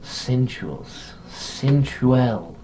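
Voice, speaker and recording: Pompous talking head, low voice, sing-song delivery, condescending. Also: female voice, animated, extremely slow, dark tone, slight background noise, exaggerated voice. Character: pompous severed-head male cemetery landlord.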